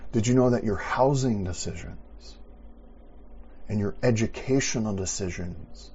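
A man's voice: lowish voice, dark tone, breathy edge, muffled recording. Stammering impassioned male preacher. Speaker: pastor. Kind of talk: sermon.

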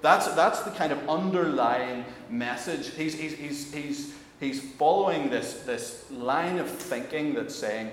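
A man preaching a sermon in a lively, restless way, often restarting and acting out the voices of the people he quotes. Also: a little high, slow. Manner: animated, many restarts, acts out quoted voices. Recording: very echoey hall, faint room noise.

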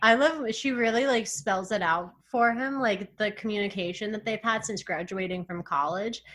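A young adult woman co-hosting a casual chat, chatty and quick with asides, laughing often. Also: mid-range voice, fairly bright tone. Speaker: podcast co-host.

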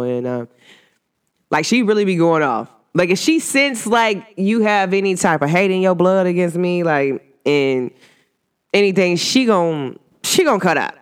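A woman talking casually to her viewers in a vlog, animated, rambling and warmly emphatic. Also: fairly low pitch, a little slow, smooth. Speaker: vlogger. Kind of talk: casual heartfelt talk to camera.

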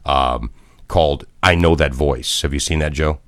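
A man's voice: a bass voice, normal speed, dry recording, studio quality. A middle-aged man and former broadcaster, co-hosting a podcast in casual chat with blunt, profane rants. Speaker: podcast co-host.

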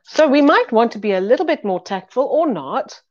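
A woman's voice: a little high, sing-song, moderate pace, darkish tone, muffled recording. A woman giving a weekly Bible teaching, earnest and conversational, retelling stories to make her point. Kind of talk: recorded teaching talk.

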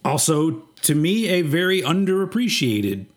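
A man's voice: fairly high pitch, very animated, measured pace. A man hosting a casual music podcast, rambling with lots of fillers and casual swearing. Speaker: podcast host.

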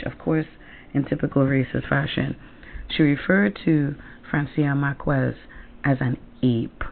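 A woman talks bluntly and heatedly, swearing freely and checking in with "right?" and "okay?" as she goes. Her voice has a gravelly edge. The audio is thin and tinny, as if over a phone line. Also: low-pitched. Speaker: commentator. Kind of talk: angry political commentary.

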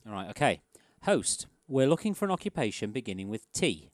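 A man's voice: medium pitch, big pitch swings, a little fast, dry recording, studio quality. A man co-hosting a casual podcast, reading out silly quiz answers and laughing often. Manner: laughs often, reads quiz lines with mock host and contestant voices. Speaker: podcast co-host.

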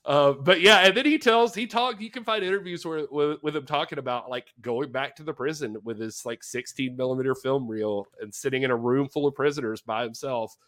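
A man with a bright, forward voice shares film history on a casual podcast. He tells it animatedly, with loose fillers. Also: medium pitch, fairly quick, hardly any pauses. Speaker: podcast co-host.

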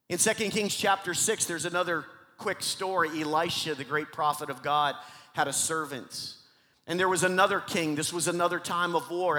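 A man's voice: fairly high pitch, pushed and bright, in a large hall. A man preaching a sermon, retelling Bible stories with acted dialogue and calling out to the congregation for responses. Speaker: pastor.

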